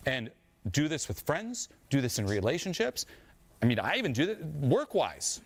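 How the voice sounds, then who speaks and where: A man's voice: a little high, very animated, moderate pace, creaky. A man who is a life coach and speaker, giving a motivational talk in an emphatic, direct manner.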